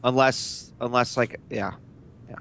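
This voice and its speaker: A man's voice: medium pitch, steady tone, a little slow, creaky, a bit bright. A man playing a tabletop role-playing game, casual and terse. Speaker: player.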